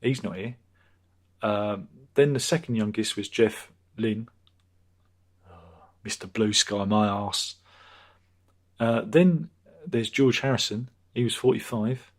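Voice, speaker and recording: A man's voice: on the low side, slow, long pauses. A man in his fifties hosting a casual live stream, rambling through viewer comments with crude jokes and lots of repetition. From Britain. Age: 50s. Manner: rambling, jokey, crude asides, many repetitions. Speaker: livestream host.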